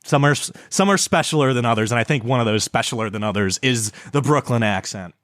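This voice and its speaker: A man's voice: medium pitch, fast, fairly bright tone, dry recording. Young guy podcast cohost, rambles and stammers a lot, swears, dry close sound. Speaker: podcast co-host. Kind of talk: casual chat.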